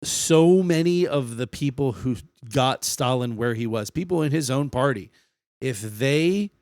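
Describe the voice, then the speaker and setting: Dude on a podcast going over history, lots of swearing, dry close mic sound. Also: male voice, medium pitch, lively intonation, a little slow, a little mellow, no room sound. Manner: swears a lot, lectures on history. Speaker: podcast co-host. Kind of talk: casual podcast chat.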